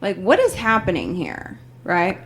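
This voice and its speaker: Woman host, casual chat, lively pitch, acts out the quoted lines. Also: unhurried. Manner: animated storyteller, acts out quoted phone reps. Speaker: podcast host.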